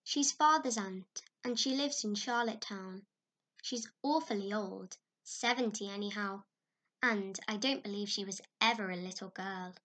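A woman reading a storybook, voicing a lively, giggly young girl who talks eagerly and excitedly. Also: medium pitch, a little slow.

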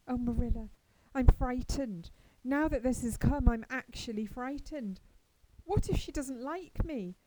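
A woman voicing an excitable, dramatic young orphan girl who speaks fervently and earnestly. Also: high-pitched, measured pace, background noise, pitched above the performer's own voice. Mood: fervent anxious.

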